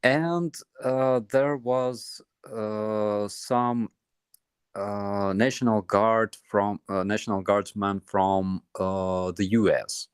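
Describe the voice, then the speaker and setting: Slow, hesitant Ukrainian man. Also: lowish voice, fairly even intonation, smooth, dry recording, clean studio sound. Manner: hesitant, many pauses and fillers. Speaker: guest soldier. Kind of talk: casual chat, storytelling.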